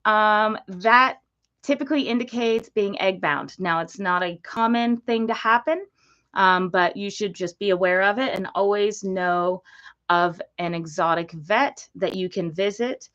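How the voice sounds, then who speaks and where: A woman's voice: medium pitch, a little slow, fairly bright tone. Chatty woman on a dull home stream. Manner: chatty, easily distracted, baby-talks to her parrot. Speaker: livestream host and gecko breeder. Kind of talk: casual livestream chat.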